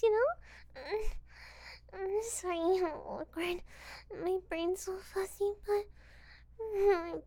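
A young woman performing an intimate audio role-play as a gullible, eager, easily flustered young woman who giggles, stammers and slips into breathy whispers. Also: extremely high pitch, dark tone.

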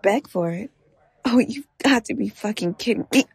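A woman's voice: on the high side, expressive, normal speed, vocal fry, breathy edge, no echo. A woman performing an adult audio role-play, teasing and profane, often dropping into a whisper.

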